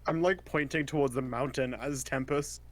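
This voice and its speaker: A man's voice: mid-range voice, fairly even intonation, normal speed, no echo. A man playing a tabletop role-playing game, describing his moves casually and laughing between phrases. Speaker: player.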